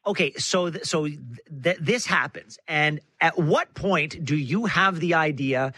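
A male radio host with a bright, forceful voice pitched a little high. He asks probing questions, working his way toward each point. The studio sound is dry and close. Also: measured pace, hardly any pauses, no echo. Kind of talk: radio interview.

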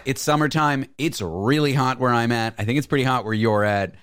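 A man hosting a radio show, asking quick questions and cracking jokes. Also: mid-range voice, a bit bright, clear, resonant tone. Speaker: radio host. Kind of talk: casual radio chat.

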